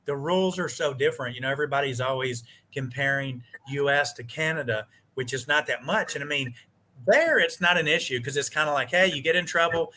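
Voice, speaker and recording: A man chatting as a guest on a live stream over a video call, telling animated stories, acting out quoted dialogue and swearing mildly. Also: fairly high pitch, brisk. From United States. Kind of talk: casual chat.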